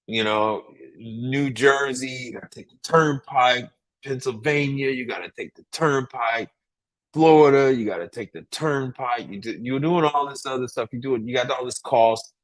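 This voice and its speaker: A man's voice: mid-range voice, unhurried, a bit bright. A man hosting a casual livestream, giving emphatic business advice with a lot of repetition and frequent "right?" checks.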